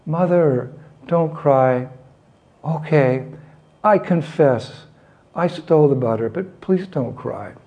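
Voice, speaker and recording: A man's voice: medium pitch, expressive, unhurried, dull audio. A man voicing a mischievous young boy who protests, then pleads with his mother. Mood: pleading.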